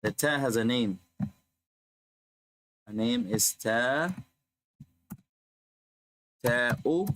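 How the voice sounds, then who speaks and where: A man teaching an Arabic grammar lesson online, patiently repeating terms slowly and explaining in English. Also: medium pitch, sing-song, creaky, fairly bright tone, slight background noise, rough recording.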